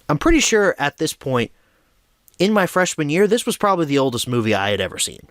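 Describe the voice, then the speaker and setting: Brief: young male film review host, chatty and animated, dry sound. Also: a little high, brisk, no room sound. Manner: chatty, self-deprecating, lively storytelling. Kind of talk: casual film review monologue.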